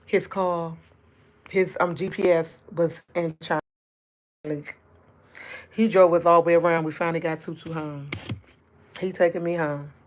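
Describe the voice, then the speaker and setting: A woman with a lower-pitched voice speaking spins a long story to her livestream. She talks casually and swears freely, climbing into exasperated retellings of what she said. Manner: animated, profane, rising to exasperated retellings. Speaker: livestream host.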